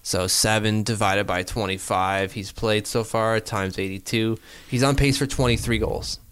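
A man co-hosting a casual sports podcast, animated and quick to laugh, thinking out loud as he talks. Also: on the low side, clean tone, no echo. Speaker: podcast co-host.

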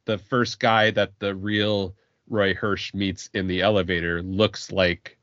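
A man's voice: sits low, level tone, slow, a bit bright, dry recording. A man co-hosting a casual podcast, laughing often and repeating words as he thinks aloud. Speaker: podcast co-host. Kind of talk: casual chat. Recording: dry, dull lo-fi sound.

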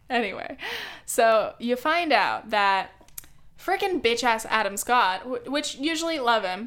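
Brief: young woman vlogger, slightly high voice, casual sarcastic movie chat on camera. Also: a bit bright. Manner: chatty, sarcastic, lots of filler words. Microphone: camera mic.

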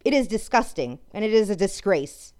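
A woman's voice: medium pitch, very animated, moderate pace, a little mellow, clear, resonant tone. A woman host ranting in anger, swearing a lot and breaking off mid-sentence as she talks. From France. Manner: angry, profane ranting. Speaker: podcast host. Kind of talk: ranting monologue.

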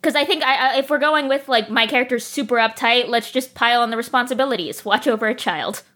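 A woman's voice: a little high, quick pace, bright, forceful tone. A woman chatting casually as a tabletop game player, enthusiastic and giggly, often stopping mid-sentence. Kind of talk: casual chat.

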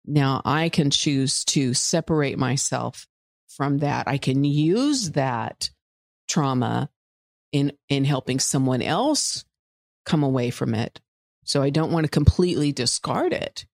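A woman calmly explaining her views on healing from past hurts, in a measured, thoughtful way. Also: very deep voice, creaky, no room sound, studio quality. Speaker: married guest sharing relationship experience. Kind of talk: reflective conversational explanation.

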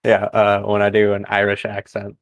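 A young man hosting a podcast in casual chat, easygoing and quick to laugh along. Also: on the low side, monotone. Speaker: podcast host. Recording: dry, dull lo-fi recording.

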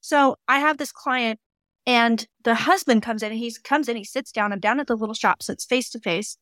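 Woman, higher pitch, dry close sound, chatty storyteller, plays out quoted voices. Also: brisk, dry recording. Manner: lively anecdotes, acts out quoted voices, swears casually. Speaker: psychic medium guest. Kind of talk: casual storytelling.

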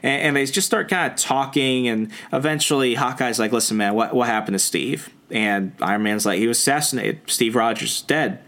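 A man's voice: medium pitch, fairly bright tone. A young man with a mid-range voice, chatting casually on a podcast. He retells a comic book plot, slipping into short acted lines for each character. His delivery is loose, full of "you know" and "like.". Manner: retells scenes, acting out lines in quick voices. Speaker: podcast co-host. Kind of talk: casual comic recap chat.

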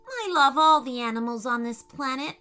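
Brief: woman doing a worried little girl, high, lively and bright. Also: slow, faint music behind, full character voice. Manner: high pleading childlike voice. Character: young girl, worried and tearful.

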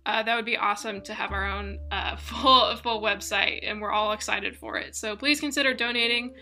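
A woman's voice: mid-range voice, fairly even intonation, moderate pace, pushed and bright, faint music behind. A woman game master and podcast host, talking chattily with many fillers. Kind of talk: casual chat and read announcements.

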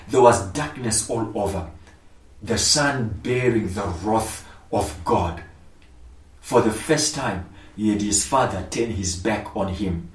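A male pastor preaches a sermon slowly in a lowish voice, emphatic and repetitive, with rising outbursts. The room is echoey and he sounds far from the mic.

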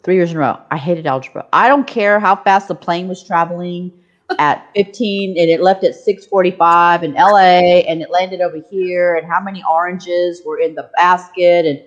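A middle-aged woman hosting a podcast, telling stories in a casual, animated way and laughing often. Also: fairly low pitch, highs cut off. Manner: animated storyteller, laughs often, voices quoted people. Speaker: podcast host. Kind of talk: casual chat.

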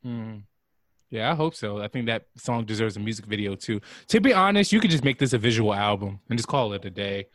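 A man's voice: lowish voice, animated, fairly quick, fairly bright tone, no room sound. A man hosting a casual interview, asking questions and teasing his guest.

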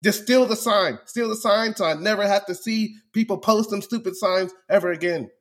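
A man's voice: high-pitched, normal speed. A man co-hosting a podcast, ranting animatedly and laughing often. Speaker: podcast co-host. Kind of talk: casual chat.

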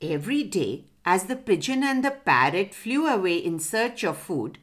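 A woman narrating a children's story slowly and expressively, pausing to ask the children questions. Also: medium pitch, sing-song, a bit bright.

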